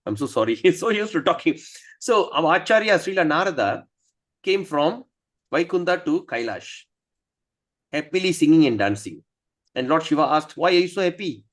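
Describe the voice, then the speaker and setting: A male scripture teacher whose voice swoops up and down as he explains. He sits a little above the usual male pitch and tells stories with playful animation. The delivery is a relaxed study-class talk. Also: moderate pace, long pauses.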